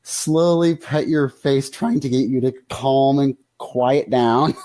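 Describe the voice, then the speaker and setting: Very deep-voiced woman game master. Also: slow, mellow, dry recording. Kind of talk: narrating a tabletop game.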